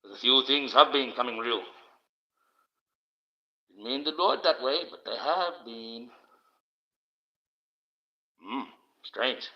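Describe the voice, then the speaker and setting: A man hosting a livestream alone, rambling and swearing in loose casual banter into a low-placed mic. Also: slow pace, long pauses, pushed and bright. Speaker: livestream host. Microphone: low-placed desk mic. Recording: dull lo-fi stream audio.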